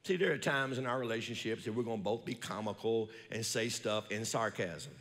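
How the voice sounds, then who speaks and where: Man preaching in a reverberant church. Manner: preaching with call-and-response to the congregation, reading scripture slowly; swings from loud high emphasis to low quiet asides. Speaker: pastor. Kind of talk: sermon. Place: church sanctuary. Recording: long reverb of a large church.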